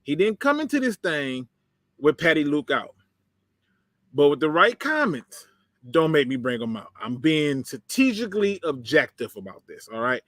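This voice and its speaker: A man hosting a sports livestream, his voice a bit higher than most and swinging widely as he reacts to the chat with sarcasm and laughs. The sound is dry and close, with no room around it. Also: normal speed, no echo. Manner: animated, sarcastic, laughs often, talks to chat. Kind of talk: casual livestream commentary, reading chat.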